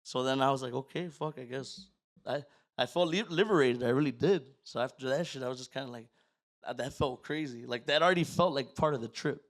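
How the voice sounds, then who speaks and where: A man, a podcast guest, telling a personal story in a casual, profane way, acting out his own words and swinging between loud outbursts and near-whispers. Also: mid-range voice, quick pace.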